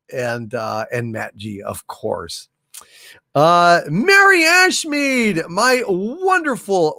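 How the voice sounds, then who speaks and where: Stream host, male, gravelly and unhurried, slightly higher voice, dry close sound, reads and hails viewers. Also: bright, forceful tone, no echo. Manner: hails and thanks viewers by name, drawn-out unhurried delivery. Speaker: livestream host. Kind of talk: casual livestream chat, reading viewer messages.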